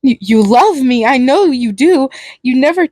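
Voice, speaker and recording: A woman reading aloud as a volatile male killer clown from a fan fiction story. He stammers, clings and pleads, then slips into manic giggling. The voice sits fairly high and sounds close and dry. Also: lively intonation, unhurried, darkish tone, no echo. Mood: unhinged, clingy.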